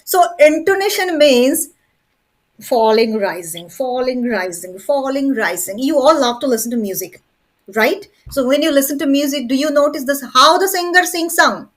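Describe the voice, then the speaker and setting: Woman, teacher, high voice, lecturing, repeats okay. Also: moderate pace, a bit bright. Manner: repeats "okay" and "very important", drills points. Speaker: English teacher. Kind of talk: online class lecture.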